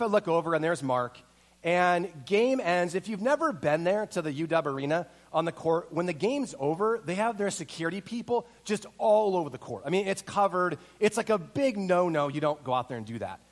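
A middle-aged man preaching a sermon, telling a lively personal story and acting out the voices in it. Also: sits high. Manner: animated storyteller, acts out voices and quotes. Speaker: pastor.

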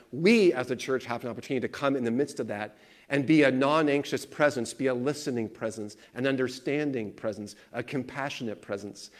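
A man preaching a sermon, telling stories animatedly and acting out the voices of the people in them. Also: medium pitch. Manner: animated storyteller, acts out quoted voices. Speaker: pastor. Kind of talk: sermon with storytelling.

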